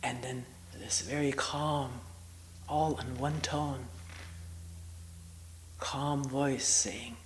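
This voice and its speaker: A woman in her sixties giving a reflective spiritual talk as a meditation retreat teacher. She talks slowly and searchingly, with long pauses and often drops into a half-whisper. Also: very deep voice, steady tone, slight background noise, low-quality recording.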